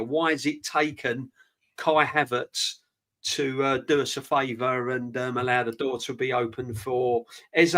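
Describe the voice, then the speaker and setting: A man hosting a casual live-stream football chat, talking fast and eager, out of breath. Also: mid-range voice. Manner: energetic, quick, calls guest brother. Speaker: podcast host.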